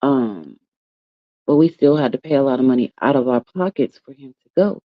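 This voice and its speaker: A woman's voice: rumbling low, animated, no room sound. Chatty woman with a slightly muffled voice. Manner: chatty, emphatic, drawn-out stresses, calls listeners "y'all" and "baby". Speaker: host. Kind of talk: casual morning chat to viewers. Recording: dry, slightly dull sound.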